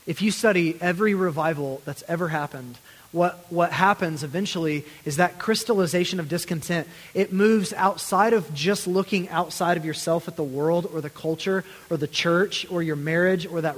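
Preacher, male, slightly high voice, earnest and pleading, long church reverb. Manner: earnest, building to pleading intensity then dropping to near-whispers. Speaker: pastor. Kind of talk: sermon.

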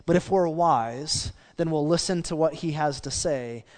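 A man's voice: fairly high pitch, measured pace, darkish tone, in a large hall. A man preaching a sermon as pastor, talking in a casual, conversational way, with restarts and asides.

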